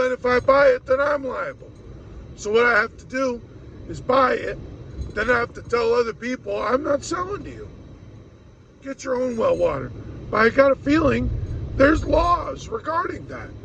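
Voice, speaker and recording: High-voiced man ranting casually. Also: a bit bright, dull audio, slight background noise. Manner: rambling, wry, mimics other people mid-story. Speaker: vlogger. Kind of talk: casual rant to camera.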